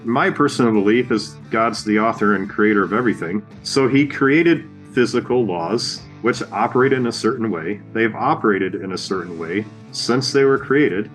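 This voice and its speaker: A man's voice: fairly low pitch, moderate pace, few pauses, soft background music. A man co-hosting a podcast, talking earnestly and conversationally, laying out his points one by one. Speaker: podcast co-host. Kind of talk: casual chat.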